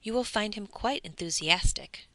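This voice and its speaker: A woman reading the lines of a composed, worldly middle-aged nobleman, smooth and dryly ironic. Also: medium pitch, moderate pace, a bit bright, no echo, pitched above the performer's own voice, close to an everyday voice. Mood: urbane.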